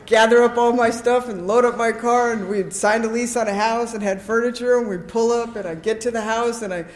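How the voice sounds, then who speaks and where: A woman speaking at a recovery convention, sharing her story with an animated, comic storytelling style and frequent "right?" asides to the audience. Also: on the high side, a little fast, echoey room. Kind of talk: personal recovery share before a live audience. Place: convention hall with a live audience.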